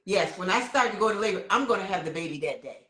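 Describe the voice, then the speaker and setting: A woman co-hosts a relaxed conversation and keeps affirming her guest. Her voice sits at an everyday middle pitch, and the room around her echoes. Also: fast talker. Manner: supportive, affirming listener. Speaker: co-host. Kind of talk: casual conversation.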